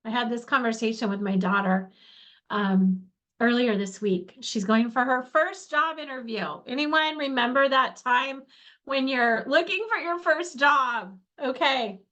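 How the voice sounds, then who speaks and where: A woman's voice: a little high, unhurried, bright, forceful tone, lo-fi sound. A middle-aged woman hosting a faith-based workshop over a video call. She speaks casually and earnestly, often turning to ask her audience questions. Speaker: workshop host and coach.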